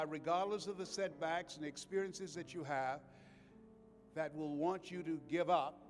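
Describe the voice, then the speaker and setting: A man giving a preacherly motivational speech to a live audience, repeating phrases and swinging between loud and soft. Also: fairly high pitch, big-room sound. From United States. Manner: preacherly, swells and drops in volume, repeats phrases for emphasis. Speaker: motivational speaker.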